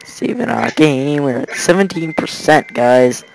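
American teen boy for let's play commentary, lively rambling delivery, gravelly edges, faint game music behind. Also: mid-range voice, unhurried, low-quality recording. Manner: rambling, chatty asides, giggly.

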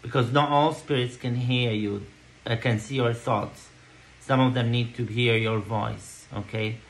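A man's voice: mid-range voice, fairly even intonation, measured pace, slight background noise, rough recording. A man giving a tarot card reading to camera, reassuring, checking in with "okay?" and "yeah?" between thoughts. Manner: reassuring, repeats "okay?" often. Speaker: tarot reader.

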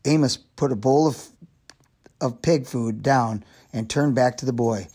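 Male reader, children's chapter book, steady mid-pitched narration. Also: unhurried, slightly rough. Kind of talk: reading a children's novel aloud.

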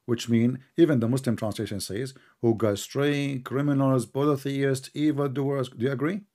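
A man's voice: medium pitch, steady tone, normal speed, warm tone. A man hosting a live debate, mocking and interrupting his caller. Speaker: debate host.

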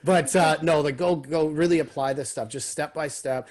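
A man's voice: fairly high pitch, fairly even intonation, normal speed, a little mellow. A man hosting a podcast, talking in an enthusiastic, casual way and swearing freely on a remote call. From Canada. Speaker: podcast host. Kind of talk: casual chat.

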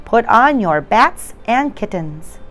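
A woman reading aloud gives voice to a cheery, muddle-headed schoolteacher in a children's storybook. Her voice is bright and fairly high, with a lively, swooping melody as she calls out to the class. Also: slow pace, exaggerated voice. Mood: cheerful. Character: silly female schoolteacher mixing up words.

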